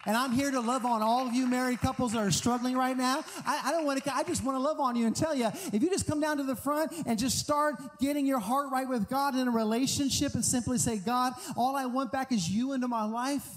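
A man preaching a sermon as pastor, telling stories in an animated, emphatic way. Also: extremely high pitch, quick pace, few pauses, a little hiss or hum. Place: large church hall. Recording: long hall reverb with music. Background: guitar music.

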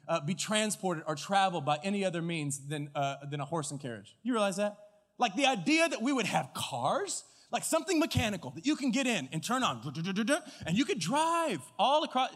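A male pastor preaching a sermon, telling a story with acted-out dialogue and lively delivery. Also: high-pitched, big-room sound. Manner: animated storyteller, acts out dialogue and shouts at climaxes. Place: church auditorium. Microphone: stage mic with floor monitor.

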